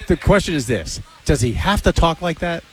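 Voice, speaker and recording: A man hosting a casual chat show, animated and joking, firing off questions. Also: a little high, moderate pace. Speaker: host.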